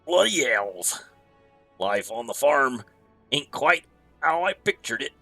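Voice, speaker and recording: Man playing a slow-talking, wry pirate innkeeper with a bright, clear voice, game dialogue read aloud in sea-dog dialect. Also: medium pitch, big pitch swings, dry recording, faint music behind, exaggerated voice. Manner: old sea-dog dialect, drawn-out reading. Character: gruff male pirate innkeeper, wry and scheming.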